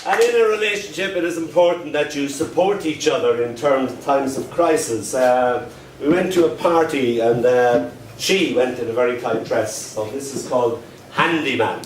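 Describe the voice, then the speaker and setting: A man doing a live poetry reading with dry, deadpan humor, slowing right down to recite his lines. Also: mid-range voice. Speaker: performance poet. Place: live performance at a pub club night. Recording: echoey room, distant mic, noisy.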